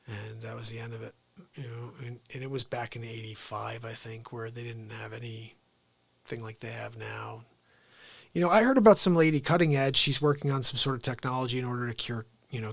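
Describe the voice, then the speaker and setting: A man hosting a live show, telling family stories casually, swinging from loud outbursts to hushed asides. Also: mid-range voice, creaky, no echo. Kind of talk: casual live-stream storytelling.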